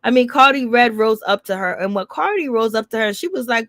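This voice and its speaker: Woman, sassy gossip recap, animated, slightly high voice, laughs a lot. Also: brisk, few pauses, no echo. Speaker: reality TV recap commentator.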